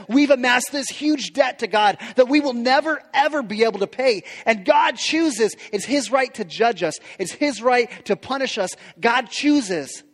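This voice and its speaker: A man's voice: high-pitched, big-room sound. A man preaching a sermon in an earnest style, repeating phrases and restarting lines as he builds his point. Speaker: pastor.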